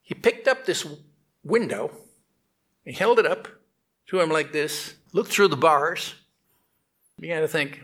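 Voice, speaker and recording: A man giving a spiritual teaching and telling a story, halting often and restarting his phrases. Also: a little high, expressive, fairly bright tone.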